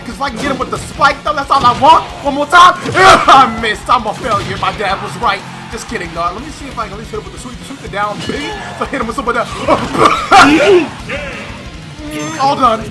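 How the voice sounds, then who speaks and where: A young man with a very high voice talks over a video game, bouncing his pitch all over. He trash-talks loudly and keeps breaking into shouts and laughter while game music plays clearly behind him. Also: animated, moderate pace. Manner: loud, trash-talking, frequent shouting and laughing. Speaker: gaming commentator. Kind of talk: excitable gameplay commentary.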